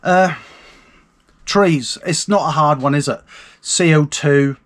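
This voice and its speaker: A man's voice: a little high, slow pace. Sweary man ranting live. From United Kingdom. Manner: sweary, rambling, indignant. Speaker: live stream host. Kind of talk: casual ranting commentary.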